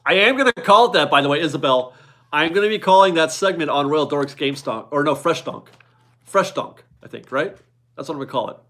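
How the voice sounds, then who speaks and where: A man's voice: a little high, lively intonation, fairly quick, bright, forceful tone. A man in his forties hosting a casual live stream from his garage, chatty and upbeat as he reads viewer donations aloud and laughs often. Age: 40s. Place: home garage.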